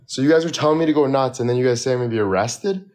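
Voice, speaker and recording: A man chatting on a live stream, joking around loudly and bantering with his viewers. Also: medium pitch, racing, low-quality recording. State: out of breath. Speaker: livestreamer. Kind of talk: casual live-stream chat.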